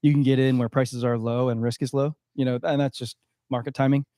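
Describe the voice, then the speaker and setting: A man's voice: mid-range voice, level tone, brisk, dark tone, no echo. Male co-host, thoughtful, filler-heavy delivery, dry mic. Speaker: podcast co-host. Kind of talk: casual chat.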